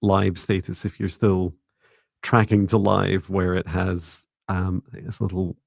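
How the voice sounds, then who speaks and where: A man co-hosting a live psychic reading stream, talking calmly and reassuringly and calling out to viewers. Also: low voice, measured pace, gravelly, no echo. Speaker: psychic reader, livestream co-host.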